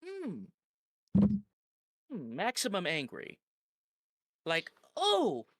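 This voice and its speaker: A man's voice: high voice, huge pitch swings, drawn-out words, no room sound. A man reacting live on a stream, ranting in a heated, profane way.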